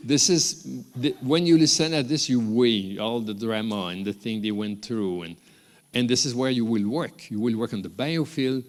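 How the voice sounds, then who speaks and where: French-accented man speaking in a reverberant hall. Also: lowish voice. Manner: rambling, warm asides, frequent restarts and chuckles. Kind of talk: unscripted ceremony speech. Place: large ceremony hall. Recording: long hall reverb from the ceremony room.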